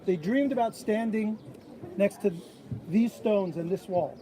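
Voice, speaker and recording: An unhurried, high-pitched man tells stories in a sermon for a bat mitzvah, bringing quoted people to life by acting out their voices. The setting is outdoors at an old stone wall, with crowd noise in the background.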